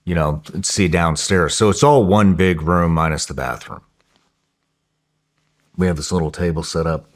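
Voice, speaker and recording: A man telling a story in a podcast interview in a casual, profane, excitable way, often restarting his sentences. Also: sits low, moderate pace.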